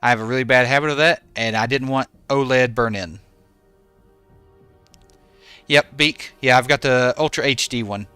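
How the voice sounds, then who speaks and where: A man's voice: medium pitch, normal speed, pauses often, bright, forceful tone, clean tone, dry recording, soft background music. A man in his forties, a game streamer chatting casually with his viewers and answering them by name.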